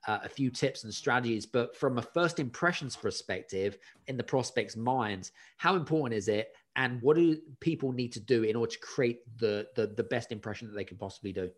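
A man's voice: medium pitch, brisk, hardly any pauses. A man hosting a podcast interview, asking long, searching questions with hesitant fillers. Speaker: podcast host.

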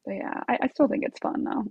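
A woman's voice: normal speed, no echo, dull audio. A woman telling a story as an interview guest, bubbly and chatty with many fillers and laughs. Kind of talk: casual storytelling.

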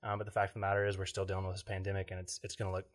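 A man with a somewhat low voice co-hosts a casual podcast chat. He tells stories with frequent laughter and a loose, rambling delivery. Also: monotone, racing. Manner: laughs often while telling stories. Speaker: podcast co-host.

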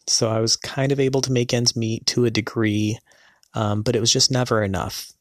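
A man telling a personal story in a hesitant, earnest way, pausing often with filler sounds. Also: mid-range voice, flat delivery, no room sound, studio quality. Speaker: person recounting a past marriage.

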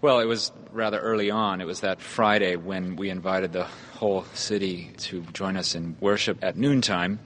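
Deep-voiced man recalling heartfelt moments. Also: fairly even intonation, moderate pace, few pauses, fairly bright tone, slight background noise. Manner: earnest, heartfelt storytelling. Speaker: church musician guest. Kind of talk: reminiscing interview answer.

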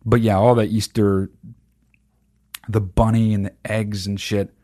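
A man's voice: fairly low pitch, unhurried, no echo, clean studio sound. A man ranting casually in a sardonic, profane way about a childhood memory. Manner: sardonic, heavy swearing, lively emphasis. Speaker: monologue speaker.

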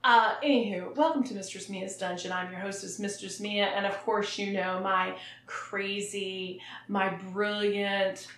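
A woman's voice: medium pitch, steady tone, measured pace, hardly any pauses, a bit bright, a little hiss or hum. A woman hosting a podcast in casual chat, playful and giggly. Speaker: podcast host. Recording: roomy echo.

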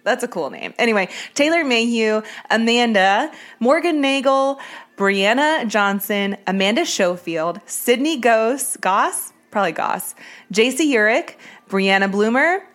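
A woman's voice: a little high, lively intonation, a bit bright, soft background music. A woman hosting a true-crime podcast, chatting casually and storytelling with a few ums. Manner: chatty, reads names quickly with filler ums. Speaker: podcast host.

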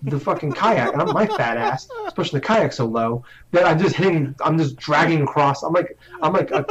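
A man's voice: fairly high pitch, animated, a little fast, a crowd in the background. A young man telling a long, rambling story in casual chat, swearing often, mocking himself and restarting his sentences. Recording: slightly dull lo-fi audio.

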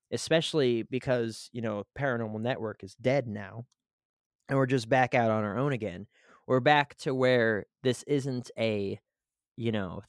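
Male podcast co-host, casual rambling delivery; smooth, clear voice with dry close-mic sound. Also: medium pitch, no echo. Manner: rambling, full of "you know" and "like".

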